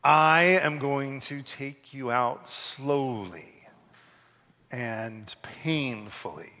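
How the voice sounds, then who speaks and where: A man's voice: drawn-out words, sharp tone, exaggerated voice. Man doing Death, a snarling wolf. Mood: menacing. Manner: snarling, then a low menacing rumble. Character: menacing hungry male wolf named Death. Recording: reverberant hall.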